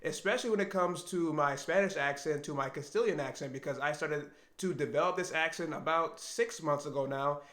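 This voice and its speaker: A man with a somewhat high voice talks to camera in an earnest, reflective way, often asking himself questions out loud. His voice rings around a roomy, echoey space. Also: brisk, few pauses. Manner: earnest, thinking aloud, with self-questions. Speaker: language learner vlogger. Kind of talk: reflective solo talk to camera.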